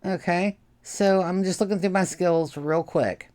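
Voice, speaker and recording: A woman running a tabletop horror game as game master, narrating gore in a slow, drawn-out way. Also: fairly low pitch, a little mellow.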